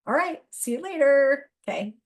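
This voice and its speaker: A woman hosting a solo astrology talk, speaking straight to her listeners in an excitable, animated way and laughing at herself. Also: high voice, normal speed. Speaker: astrology podcast host.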